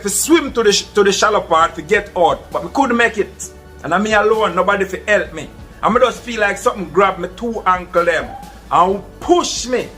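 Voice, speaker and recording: With a high-pitched, slightly bright voice, a man with a Jamaican accent vlogs a true personal story. He speaks earnestly and casually, referring to his viewers as "my people."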